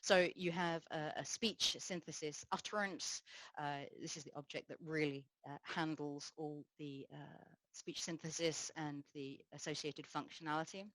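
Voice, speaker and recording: A woman speaking low as she delivers a technical conference talk. She explains things in a measured way, with many small pauses and fillers. The sound is close and dry. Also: steady tone, fairly bright tone, dry recording, low-quality recording.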